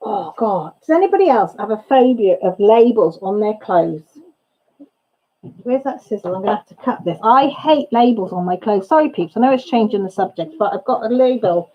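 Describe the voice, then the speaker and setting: Speaking from home on a casual crafting livestream, this woman host has a medium-pitched, animated voice at a normal speed, though the audio sounds dull. She's chatty and rambling, often cutting herself off mid-thought.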